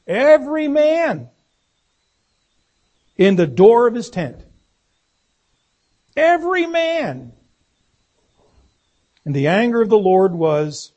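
This is a sermon given in a simple, folksy way by a preacher who often asks the congregation questions. His voice is warm in tone, rather high for a man, and edged with breathy huskiness.

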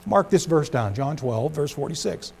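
A middle-aged man preaching a sermon as pastor, swinging between loud emphasis and hushed low phrases. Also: lively intonation, moderate pace, gravelly, a little hiss or hum.

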